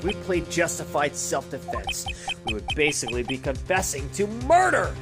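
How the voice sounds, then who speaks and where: An earnest, resolute young male defense attorney from a courtroom video game , read by a woman in a lowish voice. His thoughts rise and fall in pitch. Game music plays clearly behind. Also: wildly swooping pitch, moderate pace, heavily acted. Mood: brooding.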